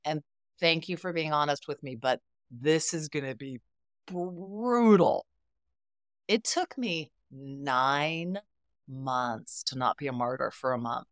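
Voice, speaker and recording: On a podcast, a middle-aged woman therapist speaks slowly in a low voice, telling stories with expression and voicing the people she quotes. The audio is studio quality, free of room sound.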